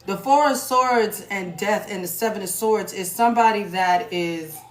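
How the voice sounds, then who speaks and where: A woman's voice: medium pitch, moderate pace. A woman in her thirties or forties from New York, giving a casual tarot reading in a rambling, conversational way that repeats phrases. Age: 30s to 40s. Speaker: tarot reader. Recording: echoey room with background noise.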